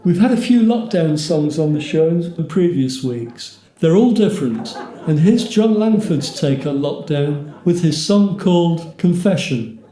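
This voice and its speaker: A man's voice: a little high, animated, measured pace, hardly any pauses. A man hosting an online folk club, announcing each performer in an upbeat way. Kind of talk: introducing performers. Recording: roomy echo with crowd noise behind.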